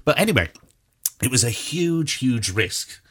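Man, podcast co-host, husky tone, lively up-and-down pitch, playful. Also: unhurried. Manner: chatty storyteller, playful, lots of fillers. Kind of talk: casual chat about musical theatre.

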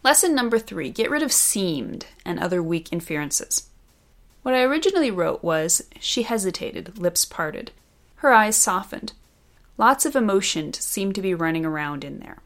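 A woman author explaining fiction editing lessons in a scripted, deliberate narration that stresses key words. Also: medium pitch, very animated. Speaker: author teaching writing.

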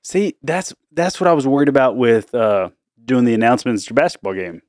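A man's voice: medium pitch, a little fast, a little mellow, no echo, studio quality. A middle-aged man, a father and host, chatting casually and jokingly with his daughters, laughing often. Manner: jokey, laughs often, tries silly accents. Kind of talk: casual family chat.

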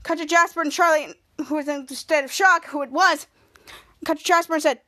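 A woman's voice: high voice, fairly quick, fairly bright tone. A woman hosting a podcast, recapping a TV episode scene by scene and reading the quoted lines in a livelier voice, with frequent restarts. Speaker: podcast host.

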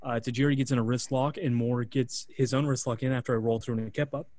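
A man hosting a podcast, telling a story in a relaxed way with fillers and recapping a match. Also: mid-range voice, quick pace. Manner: relaxed, with fillers, acts out quotes. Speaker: podcast host.

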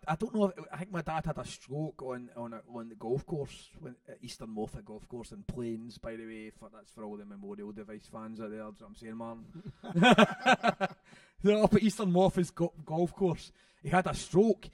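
A man tells animated stories in an interview, swearing freely. His voice sits high for a man. The sound is dry, picked up from a distant mic. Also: creaky, dry recording. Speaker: author. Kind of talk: storytelling in an interview.

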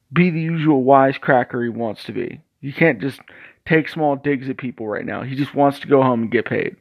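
A man's voice: medium pitch, dry recording. A man retelling a comic book story in a loose, casual way, quoting the characters in his own voice. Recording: dull lo-fi dry sound.

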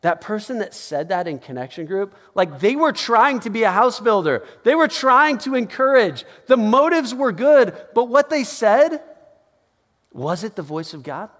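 Animated male pastor in a reverberant hall. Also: high voice, moderate pace. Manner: conversational, animated, acts out quotes with laughs. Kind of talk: sermon.

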